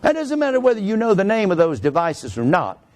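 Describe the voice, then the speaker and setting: A man's voice: high voice, huge pitch swings, a little fast, darkish tone. A man, a pastor, teaching a sermon that explains grammar step by step and stresses his points.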